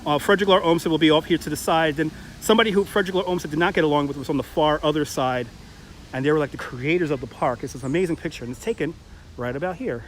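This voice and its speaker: A man's voice: a little high, quick pace, a little hiss or hum. A man from Brooklyn with a New York accent, hosting a live walking tour outdoors and chatting and joking with viewers as he goes. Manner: chatty, jokey, laughs often, greets viewers. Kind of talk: casual live-stream tour narration. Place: outdoors in a city park.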